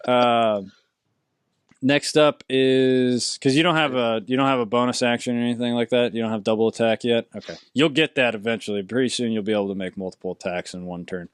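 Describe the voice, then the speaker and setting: A man's voice: mid-range voice, fairly even intonation, a little fast, clean tone, no room sound. Man running a tabletop game, dry mic. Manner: rambling, restarts, laughing asides. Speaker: game master.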